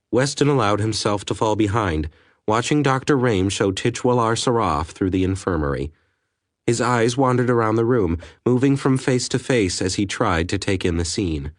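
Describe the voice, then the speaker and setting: Low-voiced male audiobook narrator. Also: expressive, normal speed, no echo, studio quality. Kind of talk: scripted narration.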